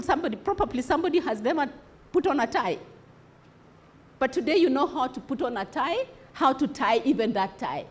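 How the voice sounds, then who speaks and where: A woman's voice: high-pitched, darkish tone. A woman giving a motivational speech to students at a conference, asking rhetorical questions and getting the audience to answer back. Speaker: conference speaker.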